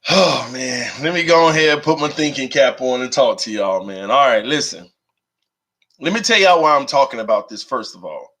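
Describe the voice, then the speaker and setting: Bright-voiced man hosting a live stream. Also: mid-range voice, normal speed. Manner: animated, laughs often, reads viewer comments aloud. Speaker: live-stream host reading chat. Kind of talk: casual live-stream chat.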